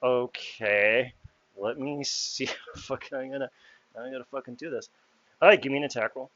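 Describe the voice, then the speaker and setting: A man's voice: medium pitch, normal speed, fairly bright tone, no room sound, muffled recording. A man narrating and running a tabletop game in a casual, loose manner, swearing freely. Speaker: game master.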